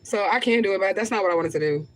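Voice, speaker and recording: A woman's voice: mid-range voice, very fast. Woman ranting emotionally on a livestream. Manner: rambling, profane, reads viewer comments aloud; repeats herself, flares up in anger. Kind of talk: emotional livestream talk to viewers.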